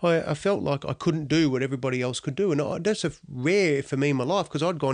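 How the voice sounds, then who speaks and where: A man's voice: a little high, fairly quick, few pauses, dry recording. Blunt Australian man telling stories. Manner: blunt, salty, laughs while telling stories. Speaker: interviewee, athlete. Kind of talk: storytelling interview answer.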